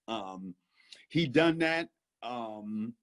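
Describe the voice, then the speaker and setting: A man's voice: medium pitch, drawn-out words. Man, discussion participant, laid-back and hesitant, mid-range voice. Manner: relaxed, hesitant, laughs while speaking. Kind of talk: casual book discussion.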